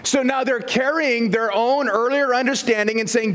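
A man preaching a verse-by-verse sermon as pastor, animated and jokey, acting out the people in the text. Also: very high-pitched, moderate pace, hardly any pauses. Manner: animated, jokey, acts out quotes.

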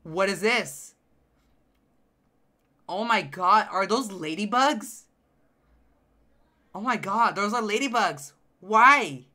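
Excitable bright-voiced male game streamer. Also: sits high, takes it slowly, long pauses. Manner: excitable, loud reactive outbursts; addresses chat directly, playful teasing. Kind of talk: live gameplay commentary.

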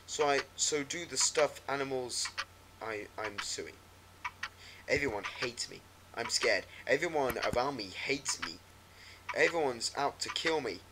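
A man voicing a paranoid, despairing middle-aged aunt in a hushed, low voice, over a noisy recording with clicks and ticking. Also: expressive, unhurried. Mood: fearful.

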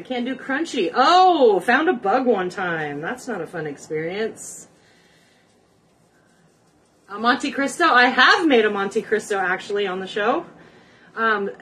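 A woman with a fairly high, somewhat bright voice hosts a laid-back cooking demo in her kitchen, rambling and joking with her audience. The sound comes from a distant mic with faint background noise.

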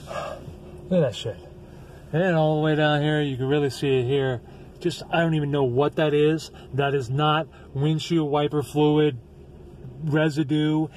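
A man ranting in a vlog from his vehicle into a phone, swearing a lot and breaking into shouts. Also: a little high, a little hiss or hum. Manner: angry, profane, swings into shouting. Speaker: vlogger.

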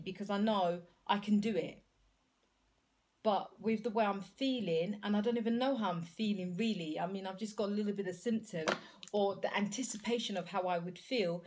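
A woman's voice: lowish voice, a little mellow. A woman thinking aloud in a casual video diary, hesitant and rambling as she talks to her viewers. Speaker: vlogger and health coach.

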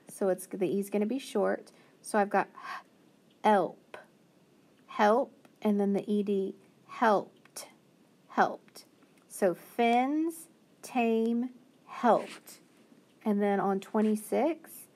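A woman teacher giving a phonics lesson to young children, patiently sounding out each word. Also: medium pitch. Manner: slow, patient, sounding out words.

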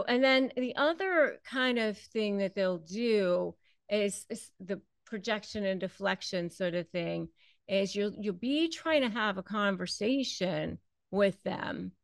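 A woman's voice: mid-range voice, slow pace, vocal fry, no echo. A woman hosting an advice talk, speaking conversationally and acting out bits of quoted dialogue. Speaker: host.

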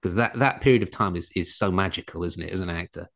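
A middle-aged English man hosting a podcast, telling animated stories with frequent laughter. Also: low voice, gravelly. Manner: animated storyteller, laughs a lot, quick asides. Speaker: podcast host. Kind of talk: casual podcast chat.

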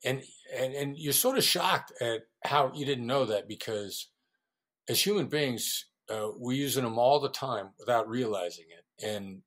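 A man, a guest negotiation expert, explaining ideas in an animated interview and acting out quoted voices. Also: medium pitch, unhurried.

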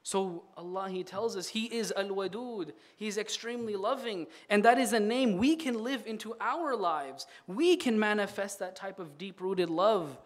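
A man delivering a Friday sermon, telling a story with animated repetition and voicing the people in it. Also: high-pitched, normal speed, hardly any pauses, very echoey, recorded from a distance. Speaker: imam giving a Friday sermon.

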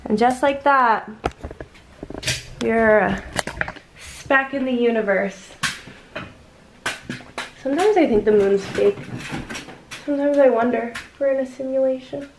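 A young adult woman chatting casually in a vlog, expressive and full of "like" fillers. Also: fairly high pitch, unhurried, long pauses, roomy sound, a little hiss or hum, poor audio. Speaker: vlogger.

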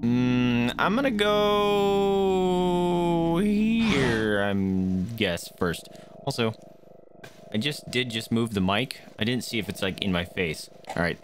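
A gaming streamer with a low-pitched, fairly bright voice chats casually and reacts aloud to what's happening in his let's-play. Faint game music plays behind him.

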